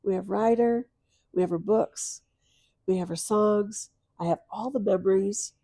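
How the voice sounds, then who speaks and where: A middle-aged woman speaks as a podcast guest, recounting loss with tearful earnestness. Her tone is dark and mellow, dropping to near whispers and then rising to loud, emphatic bursts. The recording is close and dry. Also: mid-range voice, a little slow, no room sound. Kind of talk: emotional personal storytelling.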